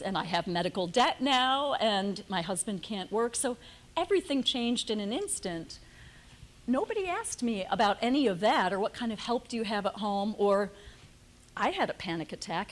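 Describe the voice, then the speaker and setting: A middle-aged woman speaking on a panel, telling her family's story in an earnest, personal way. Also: medium pitch. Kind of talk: prepared panel talk.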